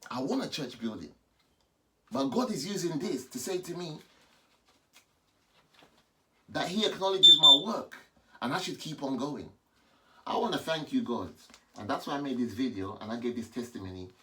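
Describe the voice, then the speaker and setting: A man, a pastor, giving an animated personal testimony in a vlog and repeating himself as he talks. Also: mid-range voice, normal speed. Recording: distant mic with faint background noise.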